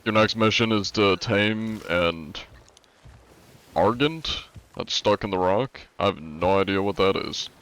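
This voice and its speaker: A young man with an American accent talks to his live-stream chat in a relaxed, meandering way, filling his sentences with likes and ums. His voice sits very low. He sounds easygoing and unhurried as he answers viewers' questions. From United States. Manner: laid-back, rambling, lots of likes and ums.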